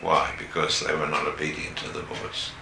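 A man preaching a sermon, slow and emphatic, pushing up on the key words. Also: a bass voice, flat delivery, gravelly, noisy background. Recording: echoey room with faint ambience.

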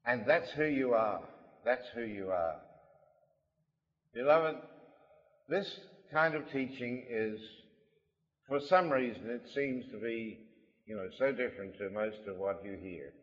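A man preaching a sermon, emphatic, repeating his key lines and swinging between loud and soft delivery. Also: mid-range voice, unhurried, long pauses. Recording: lo-fi recording in a reverberant hall.

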